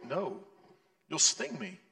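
Wary, trusting male frog in a told fable, a man doing it, hesitant, gravelly, echoing hall. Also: on the high side, huge pitch swings, takes it slowly, pushed and bright, full character voice.

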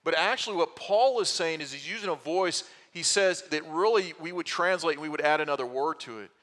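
Bright-voiced preacher man in an echoing hall. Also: on the high side. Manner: teaching, explains slowly with restarts and rhetorical questions. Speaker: pastor. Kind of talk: expository sermon.

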